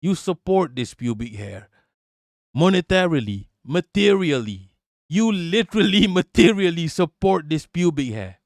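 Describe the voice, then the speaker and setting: A man rants on a live stream in a raised, fairly high voice, cursing freely and mocking whoever he answers. The sound is close and dry. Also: sing-song, a little slow, vocal fry, no echo. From Malaysia. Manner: profane, mocking, indignant. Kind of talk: live-stream commentary rant.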